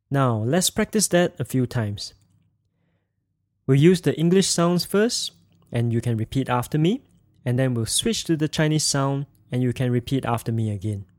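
A man teaching a podcast language lesson, speaking slowly and clearly as he demonstrates tones. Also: on the high side, a little mellow, no room sound, studio quality.

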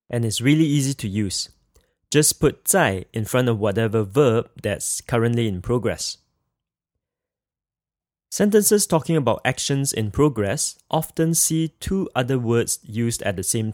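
A man leads a scripted language lesson at an unhurried, deliberate pace. He says each practice phrase twice, clearly and patiently. His voice sits in an ordinary middle register and is recorded dry and close, with no room sound. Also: mid-range voice, darkish tone, dry recording. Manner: slow, careful, repeats each example phrase twice. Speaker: language teacher.

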